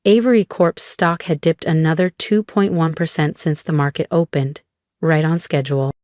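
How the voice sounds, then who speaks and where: A woman narrating a scripted first-person story in a calm, measured way. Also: low voice, no echo, clean studio sound.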